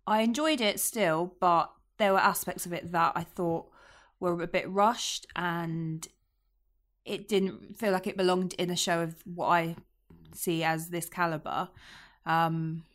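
A woman's voice: lowish voice, steady tone, a little slow, a bit bright. Thoughtful woman weighing her opinion. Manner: hesitant, thoughtful, many ums. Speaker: podcast co-host. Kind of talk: casual podcast chat.

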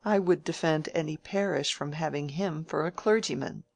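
A frank, outspoken young woman from a period novel, voiced by a woman audiobook reader. She talks bluntly and with dry wit. Her voice sits low, close to the reader's own. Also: moderate pace, vocal fry, darkish tone, no echo. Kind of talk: audiobook character reading.

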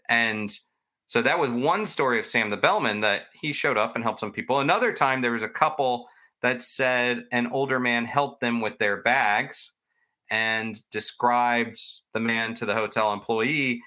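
With a sharp tone and a mid-range voice, this man hosts a podcast and unspools ghost stories a little slowly. He's talkative and meandering, often mocking himself as he chats.

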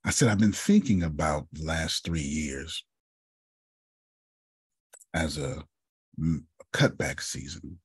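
A man speaks to a group in a very deep, somewhat husky voice, recorded close and dry. He tells personal stories in a loose, conversational way, calling on listeners by name. He clears his throat often. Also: slow pace, pauses often, no echo. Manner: storytelling, calls listeners by name. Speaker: speaker leading a group session. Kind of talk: motivational talk to a group.

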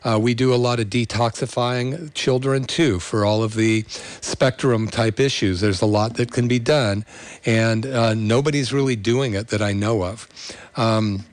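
A middle-aged man, a chiropractor, telling a patient story in an earnest, halting way with many fillers and restarts. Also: medium pitch, fairly even intonation, no echo. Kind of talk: storytelling to an audience.

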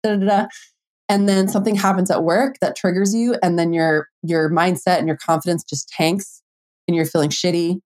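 A young adult woman talking on her own podcast as a dating coach. Her voice sits a little low, and she speaks in a relaxed, chatty way full of filler words and now and then a curse. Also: normal speed. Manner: casual, chatty, lots of "like", mild swearing, playful quoted inner voices. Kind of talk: solo podcast monologue.

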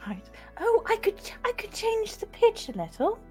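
A bubbly woman chatting at a tabletop game, laughing and animated. Her voice sits high and bounces through a wide range, with faint music behind. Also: moderate pace, few pauses. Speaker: player. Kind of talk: casual game table chat.

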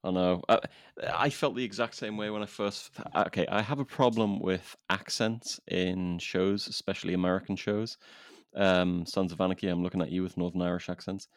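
A man hosting a podcast, talking in a relaxed, rambling way with many restarts. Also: low-pitched, moderate pace, dry recording, clean studio sound. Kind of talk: casual podcast chat.

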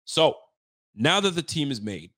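A man hosting a casual sports talk livestream, swearing freely and getting worked up, his voice jumping high when he's fired up. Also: a little slow. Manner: animated, profane trash talk; pitch swings up when fired up. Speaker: sports talk show host.

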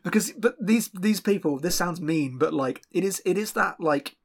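Man, husky, slightly high voice, casual chat about a film, animated, laughs a lot. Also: normal speed. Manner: animated, laughs often, rambling restarts.

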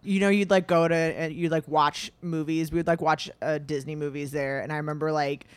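A woman's voice: low voice, a little fast, smooth, dry recording. A young woman co-hosting a podcast, rambling along in casual chat, full of fillers and restarts. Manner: rambling, filler-heavy, animated. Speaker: podcast co-host.

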